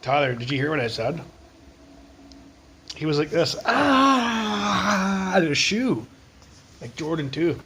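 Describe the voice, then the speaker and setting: A man's voice: a little high, normal speed, pauses often, a bit bright, slight background noise, rough recording. Rambling, foul-mouthed guy. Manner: profane, rambling storytelling. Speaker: livestreamer. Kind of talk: casual rambling livestream chat. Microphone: phone.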